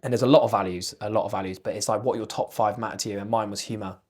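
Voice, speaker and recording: A man, a podcast guest chatting casually, jokey and animated, swearing freely. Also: on the low side, rapid-fire. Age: 20s. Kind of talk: casual chat.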